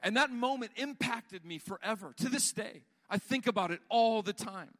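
Man, sermon, high voice, animated delivery, long hall reverb. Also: normal speed. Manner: animated preaching, repeats words when building a point. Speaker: pastor.

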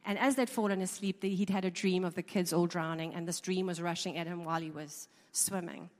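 A woman's voice: on the low side, fairly even intonation, a little fast, darkish tone. A woman giving an informal talk to a live audience, conversational and chatty, with frequent ums and repeated words. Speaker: speaker. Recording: long reverb of a large hall.

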